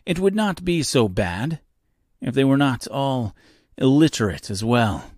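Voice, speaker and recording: A man's voice: mid-range voice, sing-song, a little slow, darkish tone, no room sound, studio quality, pitched above the performer's own voice. A man voicing a boastful, lonely male storyteller who plays host with grand, theatrical airs, for an audiobook reading.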